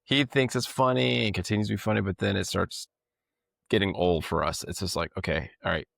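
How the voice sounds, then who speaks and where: A man with a deep, gravelly voice chats as a podcast co-host. He rambles through stories and laughs easily, and his voice is recorded close and dry. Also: brisk, a bit bright, no echo. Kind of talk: casual chat.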